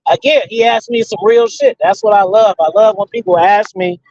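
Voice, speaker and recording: A man's voice: high-pitched, moderate pace, darkish tone, highs cut off. A man hosting a casual question-and-answer session, rambling in profane street slang. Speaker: host answering audience questions. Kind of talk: casual Q and A talk.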